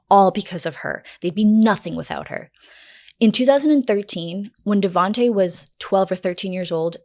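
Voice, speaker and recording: A woman in her late twenties who hosts a true crime podcast and tells the story in a blunt, sarcastic way, swearing freely. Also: medium pitch. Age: late 20s. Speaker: podcast host.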